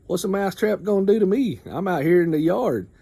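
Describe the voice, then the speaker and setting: A self-centered farm chicken dismisses the mouse with a scolding tone, as a man puts him on. The voice is lifted above the man's own and lively, with a husky grain. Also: high voice, fairly quick, pitched above the performer's own voice, exaggerated voice. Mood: dismissive.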